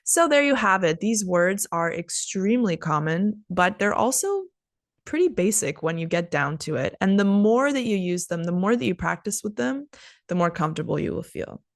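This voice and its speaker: A woman's voice: medium pitch, sing-song, moderate pace, no room sound, studio quality. A young American woman hosting a casual spoken English lesson in a chatty way. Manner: chatty, acts out example phrases with big swoops. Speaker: English teacher and host.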